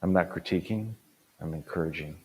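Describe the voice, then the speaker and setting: An older man with a very low, deep voice gives an earnest motivational talk as a pastor. He drives points home by repeating phrases, jumping from loud bursts down to near-quiet asides. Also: fairly quick, breathy edge. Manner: swings between loud punches and quiet drops. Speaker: pastor and conference speaker.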